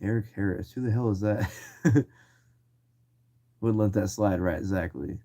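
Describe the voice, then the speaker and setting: A man's voice: fairly low pitch, measured pace, vocal fry, warm tone. A young man telling a story in a casual, slangy way, full of swearing and acted-out quoted lines.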